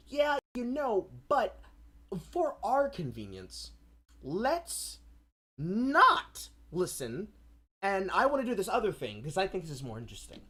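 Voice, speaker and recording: A woman streamer ranting in casual commentary, profane and animated, often slipping into mocking voices. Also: on the low side, slightly rough.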